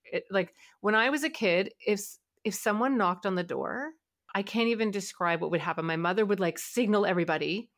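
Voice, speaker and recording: A woman from Canada talking in a relaxed group conversation. She tells her stories chattily, and her pitch sits in an ordinary middle range. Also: brisk. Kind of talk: casual conversation.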